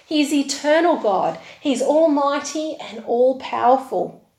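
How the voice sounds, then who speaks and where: Woman preacher, fairly high voice, unhurried delivery, church hall echo. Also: animated. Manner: slow, warm conversational preaching with tag questions. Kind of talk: sermon with scripture reading.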